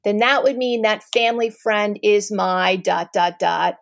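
A middle-aged woman telling a personal family story to an audience, candid and animated, with many ums and restarts. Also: mid-range voice, unhurried, creaky, no echo, studio quality.

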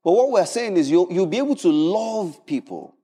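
Animated preacher with a lively, high voice. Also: male voice, moderate pace, breathy edge, in a large hall. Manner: animated, humorous, repeats words. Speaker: pastor. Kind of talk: sermon.

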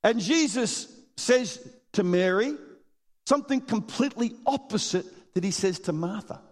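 Animated man preaching in a hall. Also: high voice, moderate pace. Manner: animated, acts out voices in quotes, laughs often. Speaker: pastor. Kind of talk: sermon. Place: church hall. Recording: long hall reverb.

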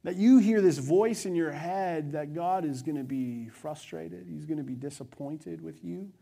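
A man with a high voice preaching a sermon in a church. He talks with fervour, rising to loud, driven stretches and then dropping to a hushed, quiet delivery. He takes the role of a pastor addressing his congregation. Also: a little slow, vocal fry. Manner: passionate, swings from loud to hushed.

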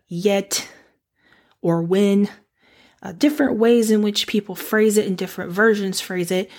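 Woman with a raspy, nasal cold voice. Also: mid-range voice. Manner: earnest, reflective, measured. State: recovering from flu, slightly raspy and nasal. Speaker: podcast host. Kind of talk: devotional podcast talk.

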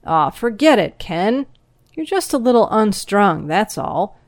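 A woman's voice: mid-range voice, big pitch swings, a little slow, no echo, clean studio sound. A woman doing a hearty, folksy moonshiner man. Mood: jovial. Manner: loud, folksy and encouraging. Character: jovial, hearty male moonshiner friend.

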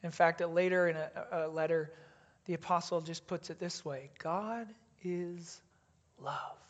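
A pastor preaching a sermon in a deliberate way, dropping to a hush on key phrases and leading the congregation in reading aloud. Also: mid-range voice, little pitch movement.

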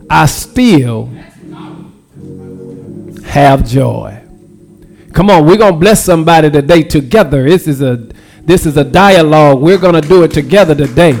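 A man's voice: on the high side, darkish tone. A man preaching a livestreamed sermon, drawing the congregation into call and response and repeating his phrases. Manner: slow, drawn-out delivery. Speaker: pastor.

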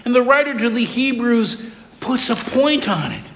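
Middle-aged male pastor, high-pitched, repetitive emphatic sermon delivery. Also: very animated, moderate pace, vocal fry, slight background noise. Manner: emphatic repetition, soft drops for emotional moments. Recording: long hall reverb.

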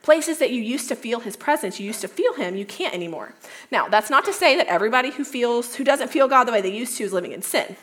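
Chatty young woman, slightly high voice. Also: animated, fast, a bit bright. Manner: chatty, lots of "like", self-correcting. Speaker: youth speaker. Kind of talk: casual youth talk retelling a Bible story.

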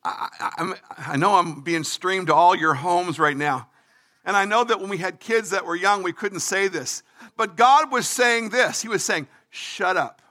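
A man preaching with a very high, piercing, bright voice. He delivers an emphatic livestreamed sermon, reading scripture and repeating key phrases, now and then rising to a shout. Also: normal speed. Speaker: pastor.

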